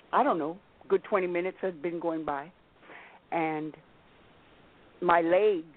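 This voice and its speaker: A woman calling in to a talk show, telling a personal story with many pauses and ums. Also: on the low side. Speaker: caller sharing a testimony. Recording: tinny phone-line audio.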